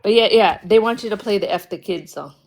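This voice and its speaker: A woman from the US talks in a rambling, chatty way. She restarts her sentences and drifts into asides, speaking at a middle pitch in an easygoing casual chat. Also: a little fast, slight background noise. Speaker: guest in a live chat.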